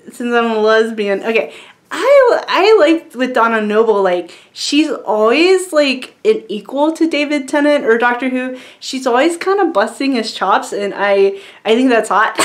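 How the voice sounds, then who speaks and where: A young woman talking straight to camera in a loose, rambling vlog. Her voice sits a bit high, and she giggles often and fills pauses with "like" and "um". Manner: rambling and giggly, many fillers. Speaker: vlogger. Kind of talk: casual chat to camera.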